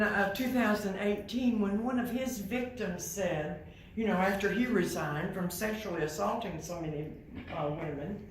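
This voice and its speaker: An older woman giving a quiet, measured personal testimony as guest speaker at a university. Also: mid-range voice, roomy sound, slight background noise, poor audio. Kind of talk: personal testimony to a live audience. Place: university hall.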